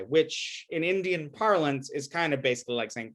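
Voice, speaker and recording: A man's voice: a little high, normal speed, few pauses, a bit bright. A man giving a recorded lecture, telling a story with animation and acting out the quoted lines.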